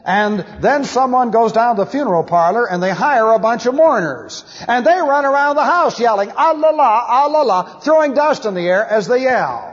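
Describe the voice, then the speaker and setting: An animated man delivering a Bible study sermon in a high, lively voice. He acts out sounds and wails as he teaches. The recording is dull and lo-fi, with long hall reverb. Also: normal speed, few pauses.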